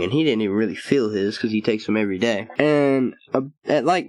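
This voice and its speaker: A man's voice: medium pitch, no echo. A young man hosting a storytime vlog, rambling in slang, cursing often and laughing as he goes. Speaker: channel host.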